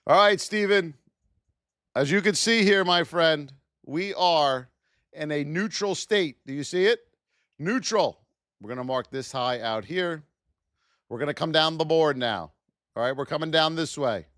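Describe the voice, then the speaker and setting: A man hosting a live trading stream, calling price levels with energetic, hype-filled, sing-song talk. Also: fairly high pitch, unhurried, dry recording, clean studio sound. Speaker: trading livestream host. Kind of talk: live market commentary.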